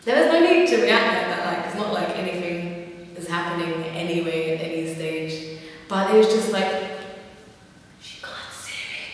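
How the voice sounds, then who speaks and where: A young woman vlogger chatting casually, telling funny stories with laughs and fillers. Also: lowish voice. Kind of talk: casual storytelling. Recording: very echoey room, far from mic, faint ambience.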